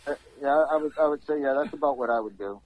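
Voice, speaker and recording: A man co-hosting a casual podcast, speaking hesitantly with frequent pauses. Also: on the high side, poor audio. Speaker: podcast co-host. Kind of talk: casual chat.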